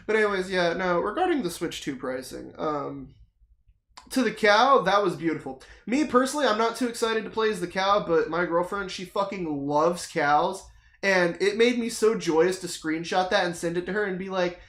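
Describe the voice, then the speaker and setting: Swear-happy streamer ranting big and dramatic, mid pitch, roomy echo. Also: fairly quick, a bit bright. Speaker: streamer chatting to viewers. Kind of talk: casual rambling chat while playing a game.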